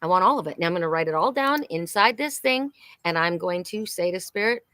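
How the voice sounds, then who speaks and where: A woman's voice: on the low side, lively intonation, brisk, fairly bright tone, dry recording. A middle-aged woman hosting a psychic live stream, talking candidly and emotionally, often repeating herself and swearing.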